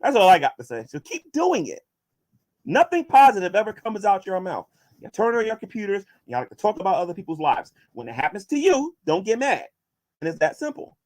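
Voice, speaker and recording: A man's voice: high-pitched, wildly swooping pitch, brisk, darkish tone. A man vlogging as he answers viewer questions and combatively addresses his critics, often restarting his sentences. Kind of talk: casual vlog monologue.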